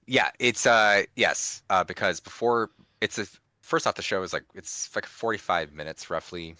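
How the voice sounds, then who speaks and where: A man's voice: lowish voice, moderate pace, sharp tone, dry recording, clean studio sound. A man hosting a wrestling podcast, rambling casually with lots of restarts and the odd swear. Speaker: podcast host. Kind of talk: casual chat.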